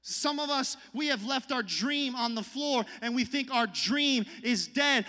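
A young man preaching a sermon in a church, moving from hushed storytelling to passionate shouted calls to the congregation. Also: very high-pitched, unhurried, big-room sound. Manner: impassioned, repeats rallying lines, swings from hushed storytelling to shouting. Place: church hall.

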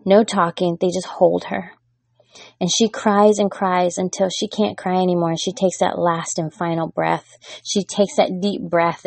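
A woman, a mother, giving a gentle, heartfelt devotional talk as host, growing fervent at times. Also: on the low side, creaky, no echo. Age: adult with daughters.

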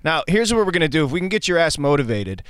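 A man hosts a podcast with brisk, teasing banter. His voice sits slightly high. The sound is dry and close, with no room echo. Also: very animated, fairly bright tone, clear, resonant tone. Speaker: podcast host.

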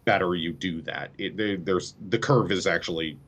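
A man's voice: deep voice, normal speed, a bit bright. A man co-hosting a podcast, explaining technical details in an easygoing, casual way. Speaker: podcast co-host.

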